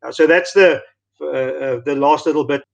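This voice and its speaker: A man from South Africa explaining meat curing in an interview, halting and restarting often. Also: fairly high pitch, gravelly. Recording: dull lo-fi recording.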